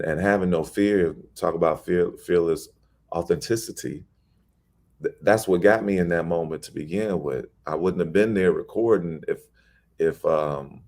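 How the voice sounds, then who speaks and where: A man's voice: low-pitched, a little mellow. A middle-aged man from Chicago, a poet guest telling stories in a casual interview and animatedly acting out the people he quotes.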